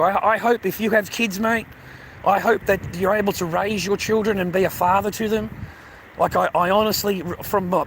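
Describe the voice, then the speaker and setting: A man talks straight into his phone as he walks outdoors along a beach. His voice sits a little high, and he is blunt and swears freely, calling his viewers mate and bro. Faint outdoor noise runs underneath. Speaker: vlogger. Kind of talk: casual walking vlog monologue.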